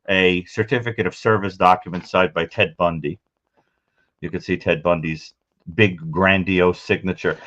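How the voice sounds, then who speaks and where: Man, very low voice, guest collector, casual show-and-tell, rambling and matter-of-fact, muffled lo-fi audio. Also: a bit bright. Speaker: guest collector of crime memorabilia.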